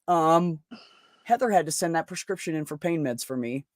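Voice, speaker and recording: A man's voice: fairly high pitch, lively intonation, normal speed, dry recording, clean studio sound. A middle-aged man hosting a podcast, venting bluntly in casual chat with heavy swearing. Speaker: podcast host.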